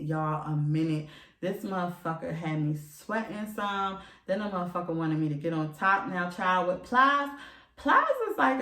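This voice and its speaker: Animated woman telling a story, echoey room. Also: on the low side, far from the mic. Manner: candid, animated storytelling with bursts of laughter. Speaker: podcast host. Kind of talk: explicit storytelling to listeners.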